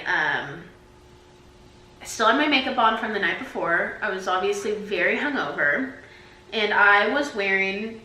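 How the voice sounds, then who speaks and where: A woman's voice: medium pitch, pushed and bright, echoey room, poor audio. A woman in her twenties vlogging to her camera, telling stories in a chatty way full of "like". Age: 20s. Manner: chatty, peppered with "like". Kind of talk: casual storytelling to camera. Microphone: camera mic.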